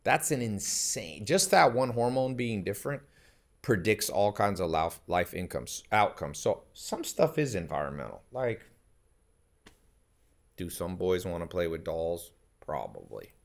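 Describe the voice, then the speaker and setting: A man's voice: sits low, very animated, measured pace, creaky. A man talking as a podcast guest in casual conversation, emphatic and anecdotal, often laughing in the middle of his sentences. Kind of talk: casual chat.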